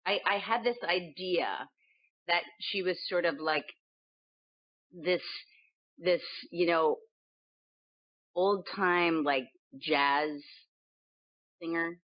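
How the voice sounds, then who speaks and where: A woman in her forties talks in a lowish voice, lively and laughing as she gropes for words with frequent restarts. The sound is dull and lo-fi, as from a modest interview recording. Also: slow pace, pauses often. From United States. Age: 40s. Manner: animated, laughing, searching for words with many restarts. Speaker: voice actress guest. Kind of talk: casual interview chat.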